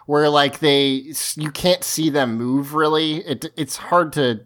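A man's voice: on the high side, steady tone, a little slow, fairly bright tone. A man co-hosting a podcast, recapping a TV episode in casual chat, rambling with fillers and frequent laughs. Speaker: podcast co-host.

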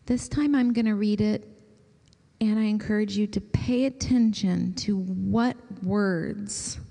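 A woman preaching a sermon and leading a slow, gentle scripture prayer with long pauses. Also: mid-range voice, creaky, long reverb tail.

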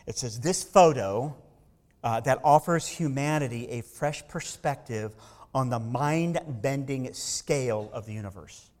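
A man's voice: mid-range voice, unhurried, darkish tone, big-room sound. A man preaching a sermon in an emphatic way, often repeating words for stress. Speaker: pastor.

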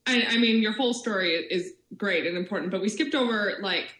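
A woman co-hosts a casual podcast interview, chatting freely and leaning on "like" as she goes. Her voice sits at a middle pitch, recorded with a roomy echo. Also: a little fast, fairly bright tone. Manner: chatty, many "like" fillers. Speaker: podcast co-host.

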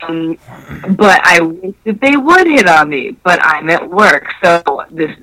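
A young woman telling a story in casual chat, animated and swearing, acting out the voices in her quotes. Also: on the low side, a little slow, rough recording.

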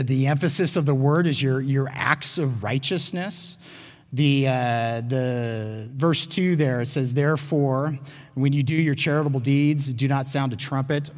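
Male pastor, mid-pitched, earnest sermon delivery, long hall reverb. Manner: earnest, emphatic, with repeated restarts. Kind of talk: sermon teaching.

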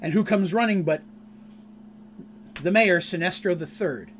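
A man recaps a tabletop adventure he ran, rambling and animated as he tells it. His voice sits somewhat high, with a faint hum under the recording. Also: unhurried. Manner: animated, rambling, laughs at his own story. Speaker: game master. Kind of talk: casual storytelling recap of a tabletop game.

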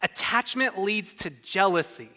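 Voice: medium pitch, lively intonation, measured pace, sharp tone. A preacher putting on a tiny, ancient, wise alien master who speaks in inverted word order, quoted in a sermon in a reverberant hall. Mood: solemn.

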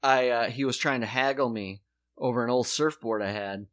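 A man's voice: medium pitch, moderate pace, a bit bright. A man in casual comedic chat, telling stories and acting out what people said, swearing freely. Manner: storytelling, acts out quotes, swears freely.

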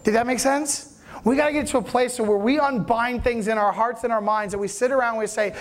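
High-voiced preacher checking in with listeners. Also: male voice, fairly even intonation, fairly quick. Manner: acts out voices in the story. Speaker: pastor. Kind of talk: sermon.

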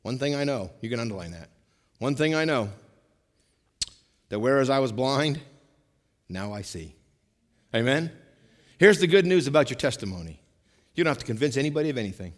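A pastor preaches in a resonant hall, his mid-range male voice trailing off in long reverb. He pushes some lines hard and drops others to a near hush. He keeps circling back to the same phrases. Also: mid-range voice, brisk, pauses often. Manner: animated preaching, swings between loud emphasis and hushed asides, repeats lines. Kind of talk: sermon.

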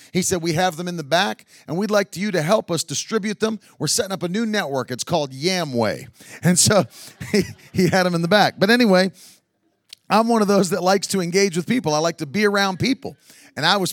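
A man's voice: high voice, creaky, fairly bright tone, no echo, studio quality. A middle-aged man preaching a sermon, a chatty storyteller who laughs often and builds to emphatic preaching. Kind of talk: sermon with humorous stories.

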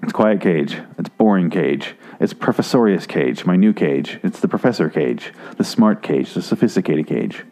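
Low-voiced man ranting about movies. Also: animated, normal speed, hardly any pauses, a little mellow. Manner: rambling, exasperated, swears a lot, voice jumps high when worked up. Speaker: movie reviewer. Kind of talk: casual profane movie rant.

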